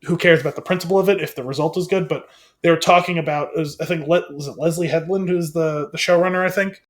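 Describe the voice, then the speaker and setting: A man's voice: on the high side, steady tone, fast talker. A man co-hosting a film podcast in casual chat, rambling and hedging with frequent laughs. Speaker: podcast co-host.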